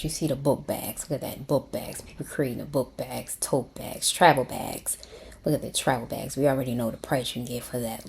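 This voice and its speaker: A woman's voice: deep voice, gravelly, mellow, slight background noise. A woman hosting a casual craft tutorial, talking eagerly to her viewers and often dropping to a whisper. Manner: enthusiastic, often drops to a whisper. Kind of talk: casual screen-share tutorial.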